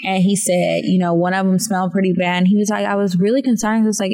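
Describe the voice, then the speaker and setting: A woman's voice: mid-range voice, fairly even intonation, quick pace, few pauses, a little mellow. A young adult woman co-hosting a podcast, telling candid, self-deprecating stories in casual chat. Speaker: podcast co-host.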